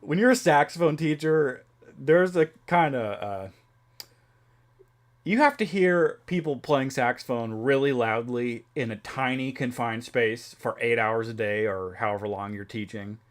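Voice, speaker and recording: Young guy rambling on a stream, mid-pitched voice, lots of likes and laughs. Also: expressive, a little slow. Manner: rambling, laughing, many fillers and restarts. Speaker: streamer chatting with viewers. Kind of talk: casual chat.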